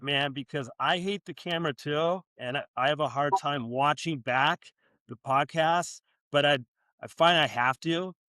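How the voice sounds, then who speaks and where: A man's voice: on the high side, fairly bright tone, no room sound, clean studio sound. A man hosting a podcast, chatting casually and making easygoing, encouraging remarks. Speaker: podcast host. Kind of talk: casual interview chat.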